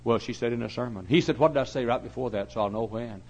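A man preaching a sermon as pastor, swinging from hushed storytelling to loud hollering. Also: medium pitch, fast talker, husky, poor audio.

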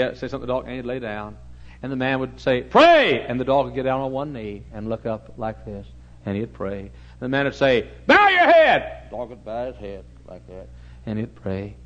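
A man preaching a storytelling sermon in a church, talking animatedly and getting suddenly loud when he acts out shouted commands. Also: mid-range voice, fairly even intonation, fairly quick, highs cut off. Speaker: pastor.

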